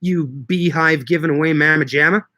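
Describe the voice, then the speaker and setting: A man's voice: fairly high pitch, steady tone, moderate pace, sharp tone. A man hosting a casual livestream, chatting with viewers, reading their comments aloud and often repeating his words. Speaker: livestream host answering chat.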